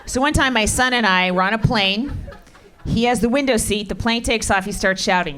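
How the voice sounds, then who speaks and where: A middle-aged woman performing stand-up comedy on a club stage, with deadpan, brash, swearing punchlines. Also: on the high side, normal speed, noisy background. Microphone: handheld stage mic. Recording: live club recording with loud crowd. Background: audience laughter.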